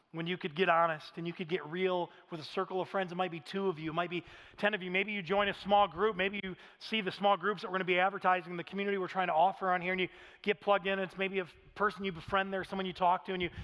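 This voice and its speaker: Male pastor, high-pitched and animated, sermon recorded with long hall reverb. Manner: animated storytelling, acts out quoted voices. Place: large church auditorium.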